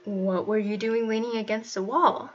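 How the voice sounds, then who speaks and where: A woman's voice: fairly high pitch, steady tone, normal speed, lightly acted. A woman voicing a teenage boy who jokes around and gets flustered around a girl, in a casual manner for a storybook reading. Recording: muffled, faint music behind.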